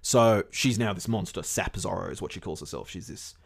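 Man, podcast host, low voice, rapid rambling storytelling, swears a lot. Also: vocal fry. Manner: rambling, swears often, many fillers.

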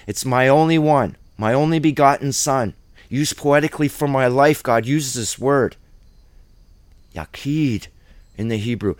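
A man's voice: medium pitch, no echo. A man teaching scripture in a conversational Bible study, reading verses aloud and explaining them plainly.

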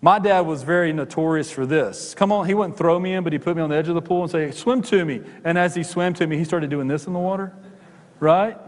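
A man's voice: on the high side, fairly quick. A middle-aged male pastor preaching a sermon, conversational, with joking asides to the congregation. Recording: long hall reverb.

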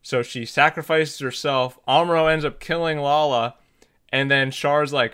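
Guy on a podcast recapping a movie, bright clear voice, tons of likes and uhs, acts out the lines. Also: a little high, moderate pace. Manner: animated, many fillers, acts out characters' lines. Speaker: podcast co-host. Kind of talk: casual chat recapping a film.

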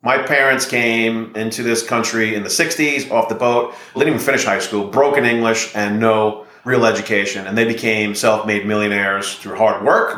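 A middle-aged American real estate investor appears as a podcast guest, telling stories in a confident, persuasive way. His voice sits on the low side with a fairly bright tone, and the sound is roomy.

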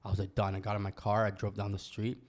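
A man's voice: lowish voice, completely flat delivery, fast. A young man from Canada telling a personal story in casual podcast chat, loose and full of slang and swearing. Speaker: guest telling his story.

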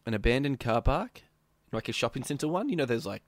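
A male podcast co-host, telling an animated story in casual chat and acting out quotes. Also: mid-range voice, brisk, dry recording, clean studio sound. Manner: animated storytelling, acts out quotes, laughs often.

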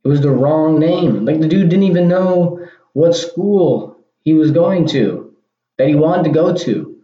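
A man's voice: a little high, lively intonation, unhurried. A man hosting a casual solo podcast, talking in a rambling way and often repeating and restarting his words. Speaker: podcast host. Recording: dull lo-fi sound in an echoey room.

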